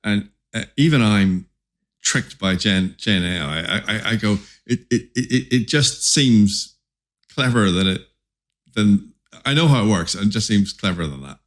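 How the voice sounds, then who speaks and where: Lower-voiced man, halting animated explainer. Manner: many restarts and repeated words, animated. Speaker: company founder, podcast guest. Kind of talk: casual interview talk.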